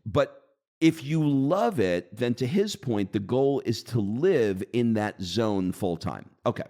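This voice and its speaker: A man co-hosting a podcast, explaining an exercise in a casual, coaching way and slowing down for deliberate readings. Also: medium pitch, expressive, warm tone. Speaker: podcast co-host. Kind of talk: casual conversational teaching.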